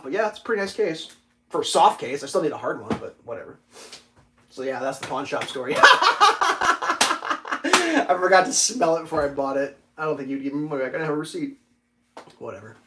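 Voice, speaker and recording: A man's voice: fairly high pitch, a little hiss or hum. Swearing man telling a story animatedly. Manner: animated, swearing, acts out dialogue loudly. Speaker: livestream host. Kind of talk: casual storytelling livestream.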